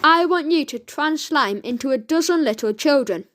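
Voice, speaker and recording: A woman voicing an eager young boy who shouts out excitedly. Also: sits high, normal speed.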